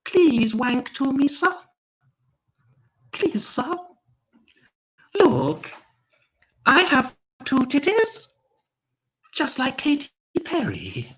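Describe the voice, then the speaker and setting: A pleading, weedy middle-aged woman with a thin, high, slightly breathy voice, as a comedian puts her on. She sounds small and needy, the voice lifted well above his own. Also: wildly swooping pitch, drawn-out words, pauses often, a bit bright, exaggerated voice. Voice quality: sad weedy little voice. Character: needy woman of fifty-six begging for attention.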